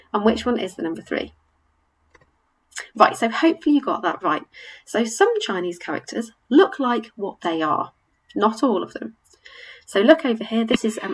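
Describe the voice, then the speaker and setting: Woman language teacher, webinar voice-over, upbeat and encouraging, mid-pitched, models sounds slowly. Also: rough recording. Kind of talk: recorded webinar lesson.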